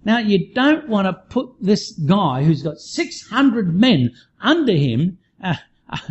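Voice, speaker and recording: A man giving a sermon in a conversational, animated way, often restarting his sentences. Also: sits high, slow pace, breathy edge, muffled recording. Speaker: preacher.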